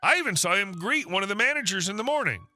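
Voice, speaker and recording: A man narrating online stories in a scripted way, with wry deadpan asides. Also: high voice, fast, soft background music.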